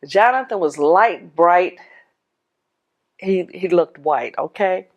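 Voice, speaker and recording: Speaking on the low side and taking her time, a woman gives a personal testimony of her life. She's animated, laughs frequently, and drops her voice whenever she quotes someone.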